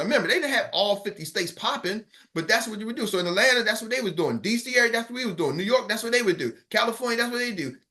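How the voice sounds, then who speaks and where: A middle-aged man coaching a team in a motivational talk on an online call, energetic and repetitive, often checking that his listeners are with him. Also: very high-pitched. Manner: energetic, repetitive, keeps asking the audience if they follow. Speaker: business coach.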